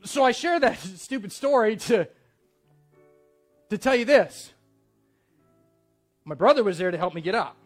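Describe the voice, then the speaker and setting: High-voiced man preaching a sermon. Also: expressive, a little slow, long pauses, soft background music. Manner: storytelling, conversational and earnest. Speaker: pastor.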